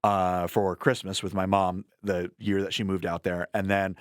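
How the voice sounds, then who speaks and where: Wry low-voiced man telling stories. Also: little pitch movement, smooth, no echo, studio quality. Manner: wry, storytelling, quick asides. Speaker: podcast co-host. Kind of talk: casual chat.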